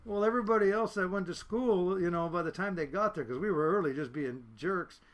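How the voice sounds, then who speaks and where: Guesting on a podcast, this American boat captain in his 50s rambles through salty, blunt fishing stories. He speaks a little fast in a high-sitting, slightly bright voice.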